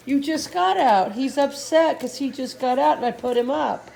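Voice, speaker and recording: High-voiced woman cooing at puppies. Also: unhurried, vocal fry, few pauses, a little mellow, reverberant, slight background noise. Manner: coos and baby-talks to the puppies, laughing often. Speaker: puppy breeder filming her litter. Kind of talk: casual home video narration. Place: indoors at home with dogs.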